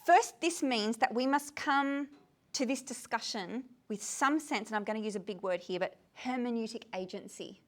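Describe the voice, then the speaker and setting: A woman's voice: a little high, normal speed. A tired woman leading a poetry discussion, asking her audience lots of questions in an informal lecture to a room of people. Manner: animated, asks the audience many questions.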